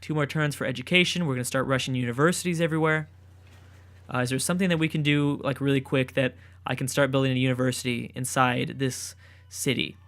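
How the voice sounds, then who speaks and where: A man casually commenting on his own strategy gameplay, thinking aloud, repeating himself and breaking into excited outbursts. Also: medium pitch, fast. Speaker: let's play gamer.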